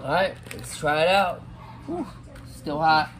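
A middle-aged man casually talking viewers through cooking crawfish outdoors, savoring the food with drawn-out mms. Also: fairly high pitch, very animated, fairly bright tone, slight background noise. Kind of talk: casual cooking vlog talk. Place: outdoors at a campsite.

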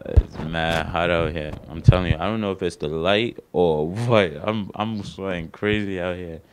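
A man's voice: low-pitched, moderate pace, a little hiss or hum. A young man doing his first stand-up set on a small studio stage, rambling and slangy, poking fun at himself. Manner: slangy, rambling, self-deprecating. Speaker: stand-up comedian.

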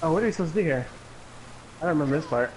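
A man playing a co-op game as a guest, animated and giggly with quick reactions. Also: fairly high pitch, a little hiss or hum. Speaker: guest co-op player. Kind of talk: casual co-op gameplay chat.

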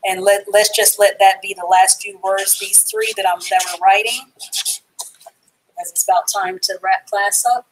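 A woman's voice: medium pitch, level tone, measured pace, a little hiss or hum, poor audio. A woman teaching a live online reading class, sounding out and spelling words letter by letter.

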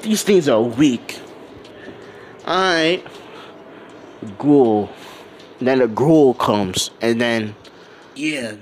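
A man casually telling a fan-fiction story in a loose, animated, rambling way. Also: a little high, a little hiss or hum. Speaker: channel host.

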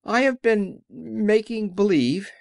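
A man's voice: high-pitched, lively intonation, slow, vocal fry, no echo, clean studio sound, pitched above the performer's own voice, heavily acted. Brief: timid old humbug, meek and shaky, as a male narrator puts him on. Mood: meek pleading. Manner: trembling, meek, pleading. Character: timid little old man, a fake wizard, meek and pleading.

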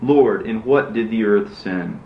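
A sorrowful male prophet pleads for mercy in a low, steady voice, as a man reads the part. The recording is dull and lo-fi, with a roomy echo. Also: unhurried, a little hiss or hum. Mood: pleading.

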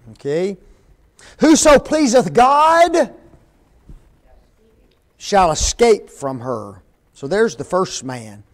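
An older man preaching a sermon in a church, folksy and conversational, often asking the congregation questions and reading scripture slowly with emphasis. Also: high voice, darkish tone. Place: church sanctuary.

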